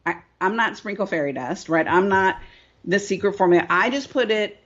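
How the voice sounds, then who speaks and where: A middle-aged woman speaks at a medium pitch, emphatic and repetitive as she tells her story in an interview. Her voice comes through slightly dull and lo-fi, like a remote video call. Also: normal speed, a bit bright. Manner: emphatic and repetitive, keeps asking "right?". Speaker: business coach.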